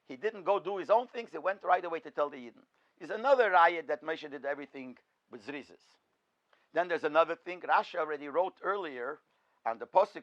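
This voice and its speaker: A man's voice: fairly high pitch, fairly bright tone, dull audio. A man, a rabbi, giving an in-depth Torah lecture, posing questions and then answering them himself. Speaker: rabbi teaching a class.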